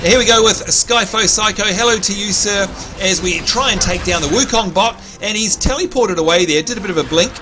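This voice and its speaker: A man's voice: sits high, fairly quick, hardly any pauses, background noise. An Australian man hosting a livestream and giving upbeat play-by-play commentary on a match he is playing, chatting to his viewers. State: slightly hoarse, clearing his throat. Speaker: livestream host and game commentator. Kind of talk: live gameplay commentary.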